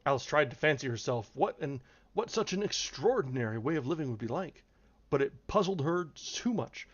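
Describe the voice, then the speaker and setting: A man reading a classic children's book aloud in a measured, expressive way on a stream. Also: fairly high pitch, highs cut off. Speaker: storyteller.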